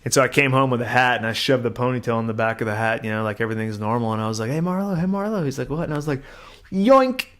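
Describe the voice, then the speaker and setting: Animated man telling stories on a podcast. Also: mid-range voice, very fast, hardly any pauses, clean tone. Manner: animated storyteller, acts out voices, swears casually. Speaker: podcast co-host. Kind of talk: casual podcast chat.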